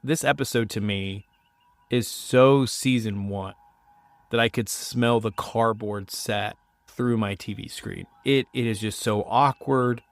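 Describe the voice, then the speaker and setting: A man's voice: lowish voice, slow, no echo. Man, podcast host, chatty, self-mocking, getting over a cold, dry close sound. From United States. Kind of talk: casual solo podcast talk.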